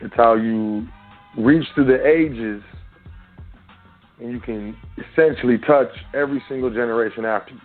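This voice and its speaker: A man's voice: medium pitch, moderate pace. Man hosting a call-in show over a tinny line. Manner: street-casual, preachy, talks straight to listeners. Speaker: radio show host. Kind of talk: casual monologue on an internet radio show. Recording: tinny phone-line sound with faint music.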